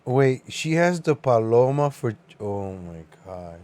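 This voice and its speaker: A man's voice: mid-range voice, big pitch swings, takes it slowly, noisy background. A man hosting a livestream, giving casual reaction commentary. He laughs a lot and swears freely. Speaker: livestream host.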